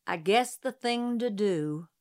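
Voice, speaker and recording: A woman reading the lines of a principled small-town lawyer and father in an audiobook, calm, firm and earnest, a little louder than her narration. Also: mid-range voice, takes it slowly. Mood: musing.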